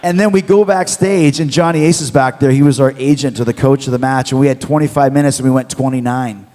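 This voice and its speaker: A man from Canada, a guest telling stories in an interview, lively and acting out quotes with bits of swearing. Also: medium pitch, fast, long reverb tail. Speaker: interview guest, former wrestler. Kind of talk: animated storytelling.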